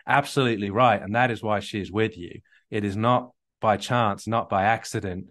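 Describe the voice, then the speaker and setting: Marriage coach, male, lowish voice, earnest and repetitive, talks through personal stories. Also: steady tone, moderate pace, a bit bright. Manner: earnest, repetitive restarts, storytelling. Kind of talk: live coaching call.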